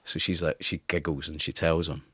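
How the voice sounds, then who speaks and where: Low-voiced Scottish man telling stories. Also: little pitch movement, brisk, a bit bright, husky, dry recording. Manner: swearing, laughing storyteller. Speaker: guest, former newspaper editor. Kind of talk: casual interview anecdotes.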